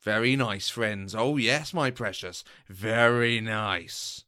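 A man's voice: on the low side, slow pace, sharp tone. A man voicing a sly, wheedling creature in a fan reading, repeating words in a fawning way.

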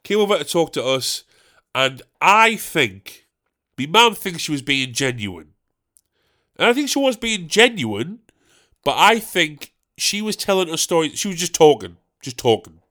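A man's voice: a little high, sing-song, measured pace, bright, forceful tone. Rambling, sweary man. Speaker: podcast host and stand-up comedian. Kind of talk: rambling solo podcast chat.

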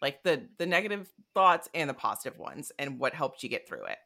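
A woman hosting an interview podcast, chatty and enthusiastic, reacting warmly to her guest. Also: rumbling low, wildly swooping pitch, brisk, vocal fry. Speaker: podcast host. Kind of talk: casual interview chat.

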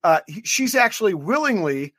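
A man's voice: high voice, big pitch swings, normal speed, pushed and bright, slightly rough, no echo, studio quality. A man co-hosting a rugby podcast, chatting casually and rambling with fillers. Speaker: podcast co-host. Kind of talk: casual interview banter.

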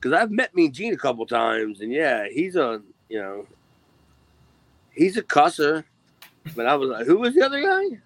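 A man's voice: medium pitch, sing-song, unhurried, long pauses, fairly bright tone. A man, a former wrestler guest, chatting casually with rambling restarts, laughs and cussing. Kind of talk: casual chat.

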